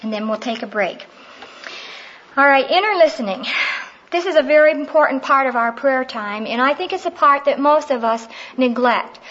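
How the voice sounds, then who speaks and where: Middle-aged woman, Christian teaching talk, heartfelt storytelling, higher voice, dull lo-fi sound. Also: normal speed, a bit bright. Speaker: women's prayer teacher.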